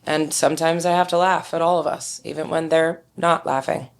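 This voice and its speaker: A woman's voice: sits low, little pitch movement, brisk, creaky. A middle-aged woman winemaker telling stories in an interview, speaking candidly and sometimes acting out what others said. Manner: candid, storytelling, acts out quoted dialogue. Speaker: winemaker guest. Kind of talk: conversational interview.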